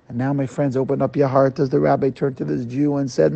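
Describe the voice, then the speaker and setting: A man's voice: medium pitch, little pitch movement, fast, creaky, hardly any pauses, dark tone, dry recording, dull audio. A man, a rabbi, tells a dramatic moral story and addresses his listeners directly. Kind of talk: storytelling to an audience.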